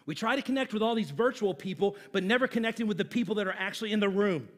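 A man's voice: sits high, lively intonation, quick pace. A middle-aged man, a pastor, preaching a sermon in a church with a humorous, conversational storytelling manner.

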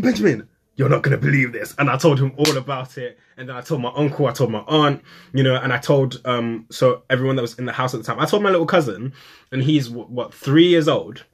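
A young man tells a story to camera in a husky, slightly breathy voice. He speaks casually and animatedly, jumping to sudden high, excited bursts when he quotes himself and others. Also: fast talker. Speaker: poet and vlogger.

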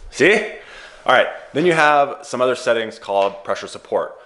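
A man's voice: medium pitch, expressive, normal speed, background noise. A man hosting an advice channel, giving a casual explainer with chatty, playful joking asides. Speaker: host of a sleep therapy advice channel.

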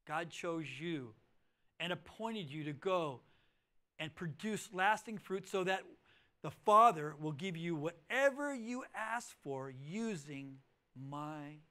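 A high-pitched male pastor in middle age delivers a sermon in a church auditorium. He tells his story with swings between loud, pressing emphasis and quiet, hushed lines. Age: middle-aged.

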